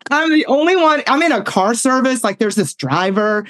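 A woman, telling personal stories in casual talk, animated and laughing often as she acts out the voices in her story. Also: fairly high pitch, unhurried, dry recording. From Southern United States.

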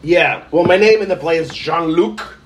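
A man's voice: on the high side, moderate pace, slight background noise. A man chatting casually on a podcast, rambling and self-deprecating, laughing often. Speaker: podcast host. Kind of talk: casual chat.

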